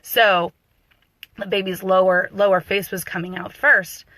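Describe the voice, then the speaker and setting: A woman working as a doula, telling a personal story in a loose, animated way with fillers and restarts. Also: medium pitch, unhurried, dry recording. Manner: animated, acts out quoted voices.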